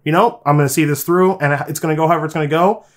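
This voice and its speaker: A man's voice: on the high side, fairly even intonation, racing. A man hosting a podcast in casual chat, candid and a bit profane, rambling with restarts. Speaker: podcast host.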